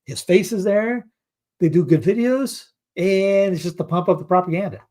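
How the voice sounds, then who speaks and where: A man's voice: sits high, moderate pace, dark tone. A middle-aged man from North Carolina, hosting a casual news commentary show, reading headlines aloud and mocking them, with rambling asides. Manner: sarcastic, reads headlines aloud and mocks them; rambling asides while searching for clips.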